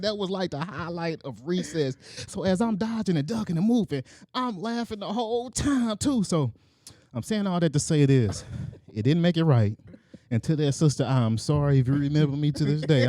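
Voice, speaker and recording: A man's voice: on the high side, darkish tone, dry recording, studio quality. A man co-hosting a podcast, telling a school story in casual chat. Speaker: podcast co-host.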